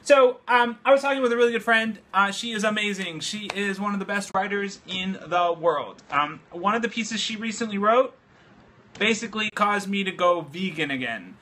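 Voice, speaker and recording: A man hosting a casual livestream chat from his home studio, excitable and loose, swearing freely while drinking beer. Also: high-pitched, moderate pace, a little hiss or hum. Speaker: livestream host. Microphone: phone livestream app.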